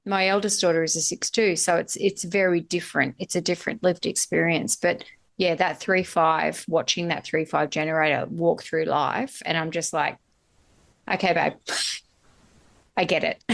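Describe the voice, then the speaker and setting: A woman's voice: deep voice, steady tone, moderate pace, creaky. A middle-aged woman hosting a podcast, talking candidly in casual conversation, swearing freely and laughing easily. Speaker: podcast host.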